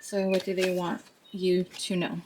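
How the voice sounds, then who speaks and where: A woman's voice: fairly low pitch, monotone, unhurried, darkish tone, a little hiss or hum. A woman giving a tarot card reading to her viewers, talking in a chatty, earnest way with many fillers and asides.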